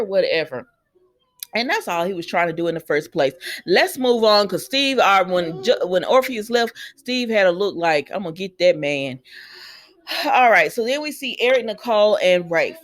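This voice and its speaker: A woman casually recapping a soap opera episode at home, acting out the characters' lines with sudden jumps in her voice. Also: normal speed. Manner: animated retelling, acting out lines with jumps in pitch.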